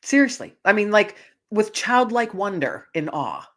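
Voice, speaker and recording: A woman guest telling a personal story in an interview, animated, laughing often, with frequent restarts and fillers. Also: mid-range voice, measured pace. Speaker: guest author.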